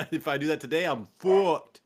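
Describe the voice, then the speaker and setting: A man's voice: fairly high pitch, a little slow, slightly rough. A young man with a Californian accent, hosting a casual fantasy football show with loose, profane, laughing banter. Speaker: podcast host.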